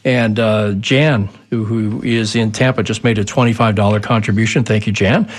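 A man's voice: on the low side, fairly even intonation, normal speed. A man hosting a radio station pledge drive, steadily reading out donations in a studio. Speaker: radio fundraiser host.

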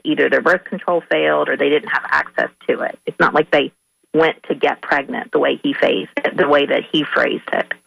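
A woman guest on a radio interview who speaks firmly about her position. Her voice is heavily gravelly and husky, and the sound is dull and muffled, like a phone line. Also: low-pitched, a bit bright, dry recording. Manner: firm, assertive. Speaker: guest, reproductive rights advocate.

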